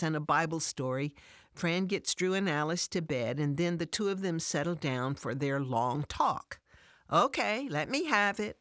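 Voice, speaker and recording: A woman narrates a scripted devotional story in a calm, measured way. Her voice sits low. The recording is dry and close, with no room sound. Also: no room sound.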